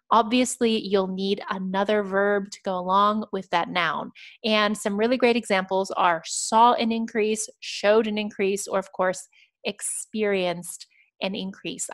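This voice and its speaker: A woman leads a recorded English exam lesson at a mid-range pitch. She explains each step clearly and patiently, walking the listener through the examples. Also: fairly bright tone. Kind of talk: scripted lesson narration.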